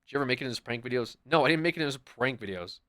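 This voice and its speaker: A man livestreaming and chatting casually with his viewers in a rambling, profane, animated way. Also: medium pitch, racing.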